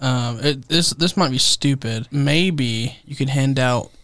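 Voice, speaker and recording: A man of middle pitch co-hosts a podcast in a dry, close-miked sound. He's playful and a little unsure, full of ums and likes. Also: slow pace, a bit bright, dry recording. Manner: playful, hesitant, filler-heavy. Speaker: podcast co-host. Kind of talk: casual chat.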